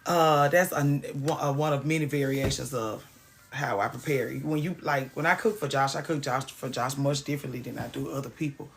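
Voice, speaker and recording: A woman's voice: rumbling low, moderate pace, gravelly. A woman hosting a casual livestream, ranting with plenty of swearing and greeting viewers by name. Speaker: livestream host.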